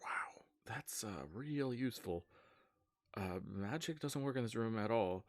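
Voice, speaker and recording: A man's voice: fairly low pitch, animated, measured pace, no room sound, voice pushed up. A man voicing a nervous young male noble with long ears, stammering and flustered in a tabletop game.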